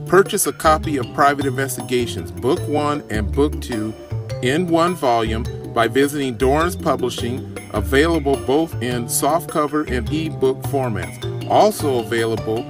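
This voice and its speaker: A man of medium pitch reads a promotional outro in a steady, list-like delivery. Clear music plays underneath him throughout. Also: normal speed. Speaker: promo announcer.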